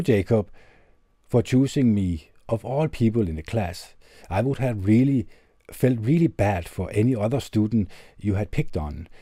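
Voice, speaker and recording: This podcast host, a man with a lowish voice, shares a heartfelt letter aloud before reflecting on it earnestly, gently and at a measured pace. The recording comes from a tube condenser studio mic and has no echo.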